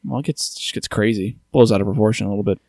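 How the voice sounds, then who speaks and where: A man co-hosting a podcast in casual chat, relaxed and wry as he trades jokes. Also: fairly low pitch, quick pace, breathy edge, no room sound. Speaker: podcast co-host.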